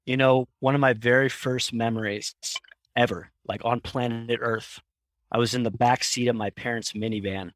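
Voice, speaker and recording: Male guest, mid-pitch, animated storyteller who acts out voices, dry close recording. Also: normal speed, no echo. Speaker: founder and guest. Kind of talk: conversational interview storytelling.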